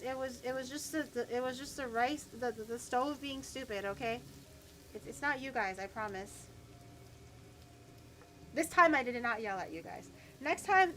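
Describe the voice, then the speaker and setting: A woman's voice: on the high side, fairly bright tone, a little hiss or hum. Chatty woman streamer cooking, swearing freely. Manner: chatty, swears, stutters and repeats words. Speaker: vtuber streamer. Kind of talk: casual cooking stream chat. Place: home kitchen.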